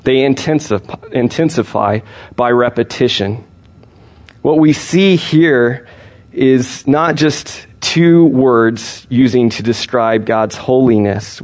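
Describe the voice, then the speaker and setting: Earnest man teaching a sermon. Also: mid-range voice. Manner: steady, earnest teaching with repeated restarts. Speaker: preacher.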